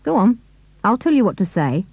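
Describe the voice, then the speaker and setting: A cold, commanding villain threatens calmly, as a woman reads him. The tone is mellow and shifts lively in pitch. The audiobook sound is dry and close. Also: normal speed, no echo. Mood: cold menace. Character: menacing grown man villain, cold and threatening. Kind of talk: audiobook character reading.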